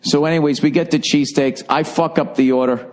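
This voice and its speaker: A man's voice: fairly high pitch, fairly quick. A man, hosting a podcast and telling a rambling, profane story in a casual monologue. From Boston area. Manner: profane, rambling, animated when quoting people. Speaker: podcast host.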